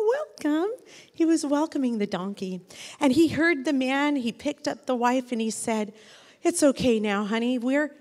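A high-voiced woman tells a gentle story to children, stopping now and then to ask her young listeners questions. Her voice carries a long reverberant tail, as though she were in a large hall.

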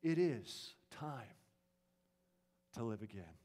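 A man preaching a sermon, telling a story dramatically and dropping to a hush at emotional moments. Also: medium pitch, big pitch swings, slow.

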